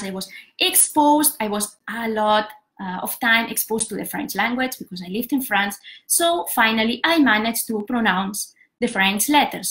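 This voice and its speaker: A young woman with a bright, clear, somewhat high voice, teaching a live pronunciation lesson. She explains patiently, step by step, with plenty of examples. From Catalonia, Spain. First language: Catalan. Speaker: Spanish teacher.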